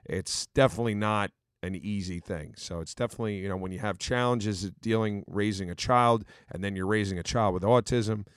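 A man's voice: on the low side, fairly quick, hardly any pauses, clean tone, dry recording, clean studio sound. A middle-aged man co-hosting a casual talk show, earnest and storytelling, with many fillers. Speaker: podcast co-host. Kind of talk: casual chat.

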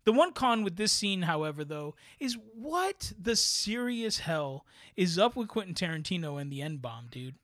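A man co-hosting a casual movie podcast, giving blunt, animated opinions with slangy asides. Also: sits high, normal speed, few pauses, dry recording, clean studio sound. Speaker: podcast co-host. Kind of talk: casual chat.

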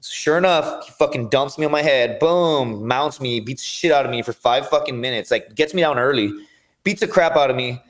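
Profane, energetic man telling fight stories. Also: medium pitch, brisk. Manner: profane, energetic, rambling storyteller. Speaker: podcast guest, MMA fighter. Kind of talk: casual storytelling chat.

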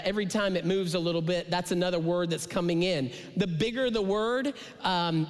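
A man preaching a sermon as pastor, passionate, swinging from bold declarations to hushed, whispered asides. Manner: impassioned preaching with dramatic pitch drops and whispered asides. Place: large church sanctuary. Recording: long hall reverb.

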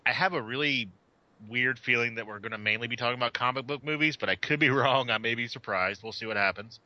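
A man hosting a casual podcast chat over a voice call, animated and quick to laugh and swear. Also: mid-range voice, no room sound, dull audio. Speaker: podcast host. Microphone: home mic over a voice call.

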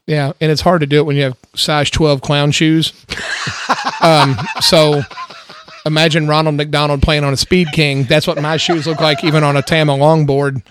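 A man's voice: fairly high pitch, level tone, normal speed, noisy background. A middle-aged man, a drummer, chatting casually in his home garage, laid-back and self-mocking, often laughing. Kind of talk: casual chat.

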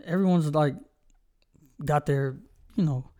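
Rambling young man, slightly high voice. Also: slow, dark tone. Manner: rambling storytelling with many fillers. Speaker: podcast co-host. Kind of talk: casual chat.

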